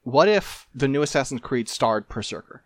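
A man's voice: mid-range voice, expressive, normal speed, no echo. A man co-hosts a casual podcast in a wry, self-mocking tone. He often loses his thread partway through a sentence and laughs it off. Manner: wry, self-deprecating, trails off mid-sentence. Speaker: podcast co-host and editor. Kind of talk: casual chat.

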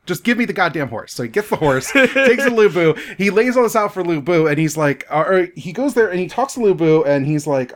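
A man in casual chat, retelling a story with lots of quick impressions of the characters. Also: fairly high pitch. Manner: animated retelling, slips into goofy voices for the figures. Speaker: podcast co-host retelling a historical novel.

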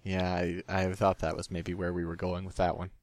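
A man's voice: low-pitched, completely flat delivery, moderate pace, very noisy. A man co-hosting a podcast in casual chat, with dry, wry reactions. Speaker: podcast co-host.

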